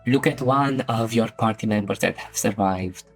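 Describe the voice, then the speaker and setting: A woman's voice: extremely low pitch, moderate pace, slightly rough, faint music behind, rough recording. A woman running a casual tabletop game session as game master, guiding players through character creation and laughing often.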